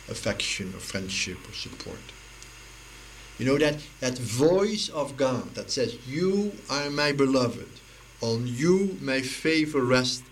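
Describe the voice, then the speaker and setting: Man, unhurried and earnest, with a fry-edged voice, halting with repeated words, on a personal recording with light hiss. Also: mid-range voice, a bit bright, low-quality recording. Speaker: spiritual speaker. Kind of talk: intimate reflective spiritual talk.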